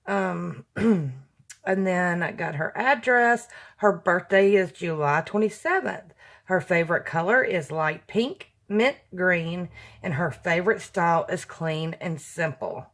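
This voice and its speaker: Woman crafter, slow unhurried unboxing chat, slightly low voice, gushing. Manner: gushing, slow and soft-spoken. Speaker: crafting YouTuber opening happy mail.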